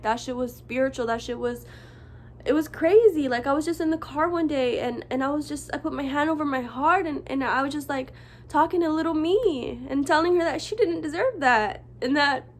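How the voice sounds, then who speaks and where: Impassioned high-voiced woman vlogging. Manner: earnest and impassioned, casual and profane; emotional, voice wavering between soft and forceful. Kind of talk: heartfelt direct-to-camera monologue.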